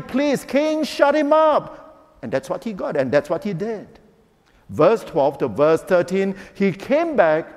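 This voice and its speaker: A man's voice: high-pitched, a little mellow, big-room sound. A man preaching a sermon, acting out the quotes he reads. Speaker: pastor.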